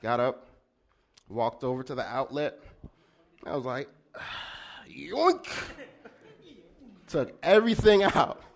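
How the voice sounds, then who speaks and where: A man's voice: medium pitch, sing-song, moderate pace, long pauses. A young man doing stand-up, telling a story to the audience in a chatty way and often checking in with "all right?". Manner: acts out a brother's angry lines with sudden loud bursts. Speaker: stand-up comedian.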